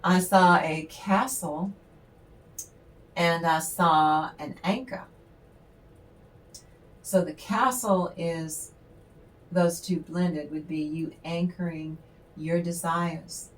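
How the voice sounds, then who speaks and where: A woman's voice: on the low side, steady tone. Rambling woman doing a tarot reading. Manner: rambling, affectionate, pauses to clear throat. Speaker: tarot reader. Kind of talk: casual spiritual tarot reading.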